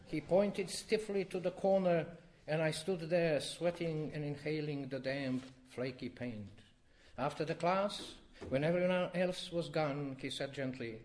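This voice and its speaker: A man reading his own poem to a live audience, with expressive rises and drops in his voice. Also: measured pace. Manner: expressive, wide swings in pitch and loudness. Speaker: poet reading his work. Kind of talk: poetry reading.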